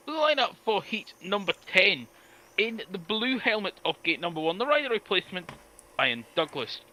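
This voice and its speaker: Male co-host, bright and fairly high, steady announcer delivery for lineups and scores. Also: normal speed, poor audio. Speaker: speedway podcast co-host. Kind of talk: reading race lineups and results.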